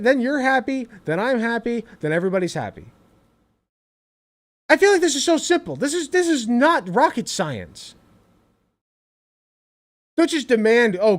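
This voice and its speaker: Animated, high-voiced man ranting. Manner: animated, profane, exasperated ranting. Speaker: streamer reacting to a clip. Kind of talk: reaction commentary.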